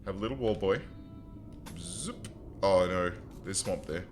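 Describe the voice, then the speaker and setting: Deep slow-talking guy streaming a game, jokey and chatty, mutters at his little colonists. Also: faint music behind. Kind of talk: casual let's-play commentary.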